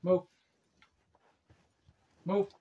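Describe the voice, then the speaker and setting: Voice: very slow, far from the mic, phone-quality sound. A household member making short, blunt remarks in casual talk at home. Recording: noisy home recording.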